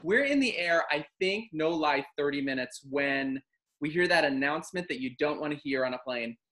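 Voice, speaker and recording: Animated man telling a travel story. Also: a little high, moderate pace. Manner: animated, acts out quotes and voices. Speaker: host. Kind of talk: casual storytelling chat.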